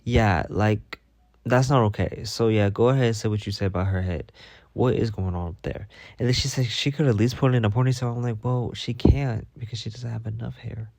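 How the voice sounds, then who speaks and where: A man's voice: on the low side, brisk, a little mellow, dry recording. A man hosting a casual storytime vlog, gossiping about coworkers in a blunt, profane way and repeating lines for emphasis. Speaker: vlog host.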